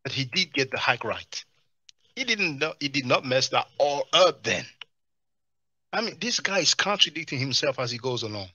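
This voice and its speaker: A man's voice: medium pitch, normal speed, no room sound. A man hosting a live stream, reading chat and mocking the video clips he plays. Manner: mocking, animated, answers chat comments.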